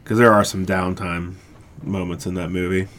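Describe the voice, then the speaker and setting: A man with a lowish voice and a bright, forceful tone, giving blunt opinions in casual banter. He laughs often and talks plainly. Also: little pitch movement, moderate pace. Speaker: podcast co-host. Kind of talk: casual chat.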